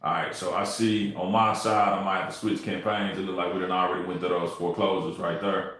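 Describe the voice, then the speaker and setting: A Texas real estate wholesaler, his voice low, flat, fairly quick and a bit bright, livestreams cold calls from a very echoey room at home. He keeps it loose, talking straight to the chat in slang.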